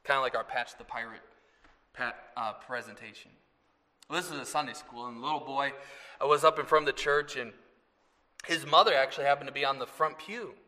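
A man preaching a Mother's Day sermon to his congregation, earnest and often rising loud on scripture, with asides to the listeners. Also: mid-range voice, a little fast, big-room sound. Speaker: pastor.

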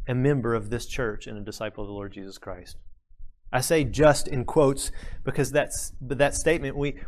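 Pastor guy preaching, earnest and emphatic, repeats his big lines, middle-pitched voice. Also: a little mellow. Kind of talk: sermon.

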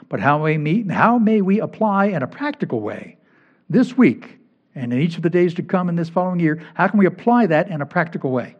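A man's voice: fairly high pitch, a little mellow, husky. A male pastor preaching a sermon, emphatic and repeating key phrases to drive points home. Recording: dull lo-fi recording.

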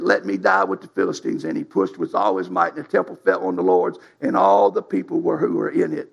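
His voice is heavily raspy and gravelly, pitched high for a man, as he delivers a sermon. Folksy and emphatic, he reads scripture and urges on his congregation in plain colloquial language.

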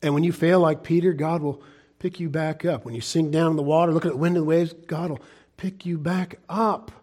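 A man preaching a sermon in an earnest, pleading way, swinging from loud urging to hushed asides and chuckling through his points. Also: on the high side, steady tone, brisk. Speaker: pastor.

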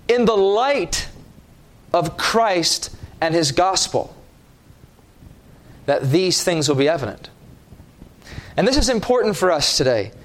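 A man preaching a sermon with slow, emphatic delivery, stressing key words and dropping his voice at line ends. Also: sits high, a bit bright.

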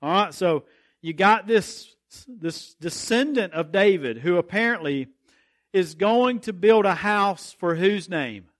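A man teaching a Bible study lesson, reading scripture slowly and emphatically and then explaining it in plain talk. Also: high voice, expressive.

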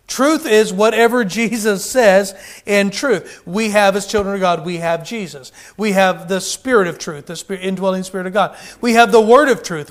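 A man preaching a sermon with fervor, calling out to the congregation and often restarting his sentences. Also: high voice. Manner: fervent, calls out to the congregation, many restarts.

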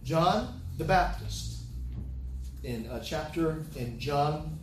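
A man's voice: on the high side, animated, slow, a little hiss or hum. A man preaching a sermon, reading scripture aloud and repeating key phrases for emphasis. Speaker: pastor. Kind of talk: sermon, Bible teaching. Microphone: camera from a distance. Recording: echoey hall, voice from a distance.

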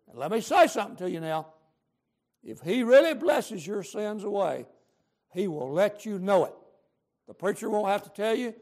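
A fervent preacher delivering a sermon in a high, gravelly voice. He swings widely up and down in pitch, hammering his points with repetition and plain folksy grammar. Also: a little mellow.

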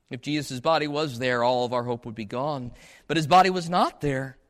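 A man's voice: on the high side, lively intonation, moderate pace, a bit bright. A man preaching a sermon in a church service, putting many questions to the listeners. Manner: asks the congregation many rhetorical questions.

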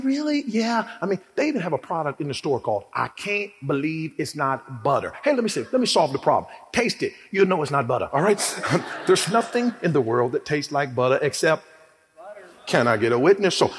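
A man preaching a sermon in a church, animated and humorous, calling on the congregation for amens. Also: medium pitch. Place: church hall. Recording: echoey hall.

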